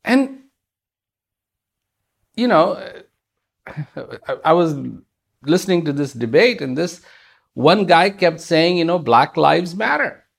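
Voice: medium pitch, animated, slow pace, creaky, pauses often. A speaker giving a reflective spiritual talk, using rhetorical questions and repetition for emphasis.

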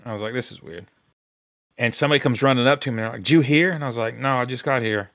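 A man on a casual podcast telling a workplace story in a lively, animated way, acting out the people he quotes. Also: medium pitch, rapid-fire, no echo, clean studio sound. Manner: animated storyteller who acts out quoted voices.

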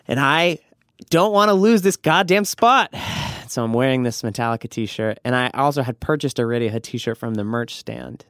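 Casual male storyteller, profane and giggly, mid-pitched voice, dry close sound. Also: normal speed, no room sound. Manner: profane, laughing, animated.

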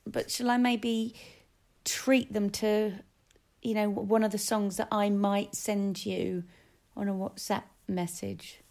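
Lively, sweary woman. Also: mid-range voice, slow pace, gravelly. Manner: lively, sweary, laughs often, bursts into song. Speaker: podcast co-host. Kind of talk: casual chat.

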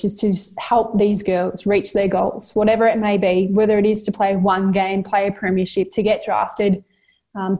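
Answering interview questions as a guest, this Australian woman football coach sounds sincere and motivational, repeating herself as she thinks things through. Her middle-pitched voice is a little mellow.

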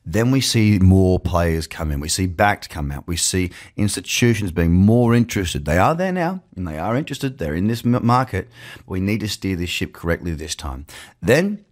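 A low-voiced man hosts his crypto market show from a home office, talking straight to his webcam. His delivery is chatty and animated, his pitch rising and falling freely as he walks through the market with jokey asides. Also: moderate pace. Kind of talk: casual market commentary to camera. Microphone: webcam setup.

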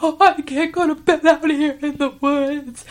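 A woman voicing a homesick eight-year-old girl who cries in a high, trembling voice. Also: steady tone, a little slow. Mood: tearful. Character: weepy homesick little girl camper, about eight.

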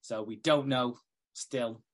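Man, casual podcast chat, lots of swearing, quick laughs, acts out lines. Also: medium pitch, fairly even intonation. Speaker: podcast host. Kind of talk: casual chat, recapping a soap.

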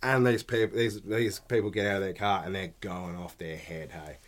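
A man's voice: deep voice, fairly even intonation, moderate pace. An Australian man chatting casually on a podcast, telling stories laid-back, swearing and laughing often. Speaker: podcast co-host. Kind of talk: casual chat.

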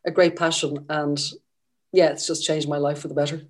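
A middle-aged woman journalist from Ireland chats about her work as a guest, enthusiastic and full of small restarts. Her voice sits fairly low for a woman. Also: little pitch movement, moderate pace, darkish tone. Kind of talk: casual interview.

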